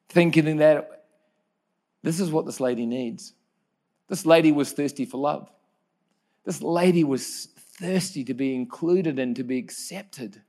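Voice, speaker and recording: A man preaching a sermon, earnest and personal, telling stories and correcting himself with quick asides. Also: mid-range voice, a little mellow. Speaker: pastor.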